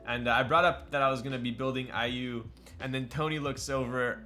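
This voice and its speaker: A man's voice: mid-range voice, steady tone, brisk, pushed and bright, soft background music. A man streaming live while building a keyboard. He chats casually, jokes and answers his chat, laughing often. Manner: chatty and joking, replies to chat, laughs often.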